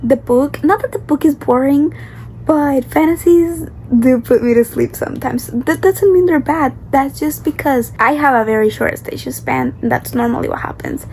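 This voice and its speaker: A young woman with a fairly high voice chatting casually to her phone camera at home, rambling and excitable yet drowsy from tiredness. A faint hiss of background noise sits under her voice. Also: moderate pace. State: sleepy and tired. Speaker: book vlogger. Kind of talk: casual vlog update.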